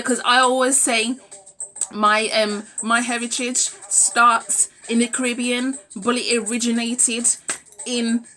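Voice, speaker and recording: A woman's voice: fairly high pitch, pushed and bright. A woman giving a frank, forthright vlog monologue. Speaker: vlogger. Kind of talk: opinionated talking-to-camera monologue.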